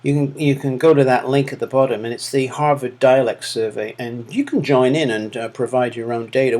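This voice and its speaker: A man's voice: mid-range voice, a little mellow. A man with a Manchester accent giving recorded course feedback as a lecturer, talking hesitantly with many fillers and restarts. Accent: Manchester English. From England. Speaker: university lecturer.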